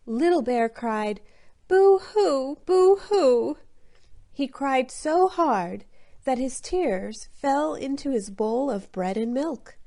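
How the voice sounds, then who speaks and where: A woman narrating a children's storybook for English learners. Her fairly high voice moves slowly and deliberately, with every word clear. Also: expressive, warm tone. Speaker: audiobook narrator.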